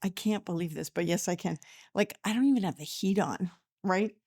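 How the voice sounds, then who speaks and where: A woman's voice: lowish voice, moderate pace. Chatty woman podcaster, near tears. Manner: emotional, laughs often, warm and chatty. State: close to tears. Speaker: podcast host. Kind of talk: casual spiritual podcast talk. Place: small office studio, seated at a desk.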